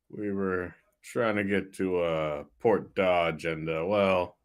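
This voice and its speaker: A man's voice: sits low, fairly even intonation, slow pace, clear, resonant tone. A man playing a tabletop game, talking casually and hesitantly, searching for words. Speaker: player.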